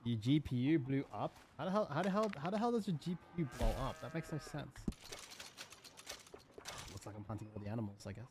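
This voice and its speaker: A young man streaming a game from his room, chatting in a flat, monotone way and restarting his sentences, with the mic pressed close to his mouth. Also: medium pitch, fairly quick. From Australia. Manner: self-described monotone, rambling with many restarts. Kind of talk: casual live-stream chat. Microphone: desk mic held very close to the mouth. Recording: noisy stream audio with game sounds.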